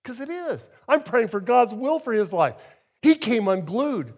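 A middle-aged man preaching a sermon as a guest speaker, telling stories with emphatic swings between soft and loud. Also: very high-pitched, big pitch swings, unhurried. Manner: storytelling, emphatic swings in loudness.

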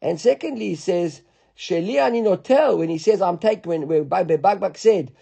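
Animated high-voiced man teaching Talmud. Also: a little fast, vocal fry, husky. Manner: animated, stumbling restarts, mixes Hebrew and Aramaic terms. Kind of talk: daily Gemara class.

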